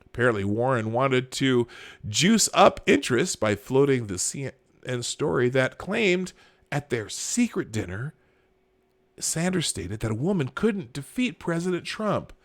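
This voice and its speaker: Sarcastic, lively male podcast host. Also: mid-range voice, unhurried. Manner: sarcastic, laughing, jumps between mumbling and loud mock outrage. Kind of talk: casual political commentary, reading headlines and tweets aloud. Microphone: camera and desk mic, live stream.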